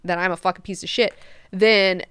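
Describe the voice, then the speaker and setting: A woman's voice: mid-range voice, normal speed, smooth, no echo, clean studio sound. A woman hosting a book club, casually retelling and reacting, with frequent swearing. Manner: profane, animated, chatty retelling.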